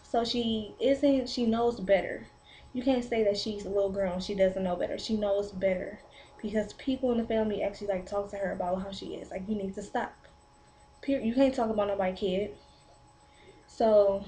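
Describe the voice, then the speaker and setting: A woman's voice: mid-range voice, moderate pace, a little hiss or hum, poor audio. A pregnant teenage girl vlogging, telling a long rambling story about her little sister with lots of "like" fillers. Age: 17 to 19, teen. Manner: rambling, animated retelling with many "like" fillers. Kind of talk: casual storytelling vlog.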